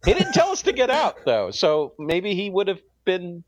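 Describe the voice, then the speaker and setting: A man's voice: high voice, wildly swooping pitch, normal speed, no echo. A man co-hosting a podcast in playful, ironic banter who laughs easily. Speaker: podcast co-host.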